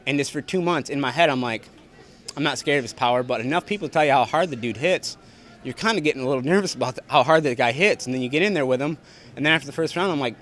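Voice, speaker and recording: A man's voice: mid-range voice, quick pace, a bit bright. A young man, a fighter, answering reporters after a bout in a blunt, profane, repetitive way. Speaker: fighter at post-fight press scrum. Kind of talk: post-fight interview answers. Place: arena backstage press area.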